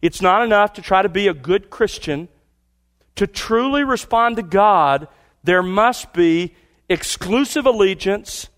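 A man preaching a sermon, stressing key words and dropping to quiet asides. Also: high voice, animated, measured pace. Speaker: pastor.

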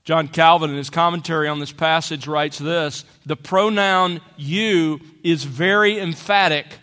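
A man preaching a sermon in a church, slow and emphatic, leaning hard on key words. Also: sits high, fairly bright tone. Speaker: pastor. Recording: long reverb of a church hall.

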